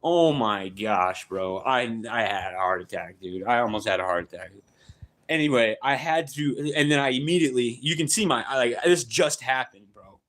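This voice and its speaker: A man on a live stream, rambling through a story with many restarts and tag questions, getting louder and higher as he gets worked up. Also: normal speed. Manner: rambling, repeats "right?" and "dude", many restarts; grows loud and high-pitched when excited.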